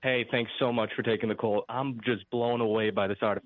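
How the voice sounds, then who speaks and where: A man's voice: mid-range voice, fairly even intonation, fairly quick, no echo. A man calling in to a radio talk show, earnest and rambling, often restarting his sentences. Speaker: caller. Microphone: phone line. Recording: tinny phone line.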